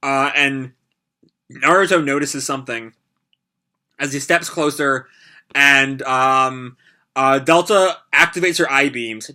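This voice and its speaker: A young man reads through a comic and reacts live, rambling loosely with plenty of fillers. His voice sits a little high for a man and has a very bright, sharp tone. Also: lively intonation, a little slow. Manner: rambling, with lots of "like" and "uh". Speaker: anime reaction host. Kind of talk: casual live reading and reaction.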